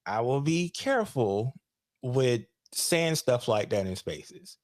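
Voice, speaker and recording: A man's voice: medium pitch, sing-song, takes it slowly, a little mellow, dry recording, studio quality. A man moderating an online debate on a call, laid-back and joking.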